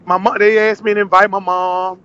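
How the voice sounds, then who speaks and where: A podcast guest from Nashville, USA, a former cooking show contestant, tells his story animatedly in casual conversation and acts out the dialogue he quotes. His voice is high-pitched with flat delivery and a slightly fast pace; the audio is dull, with a crowd in the background.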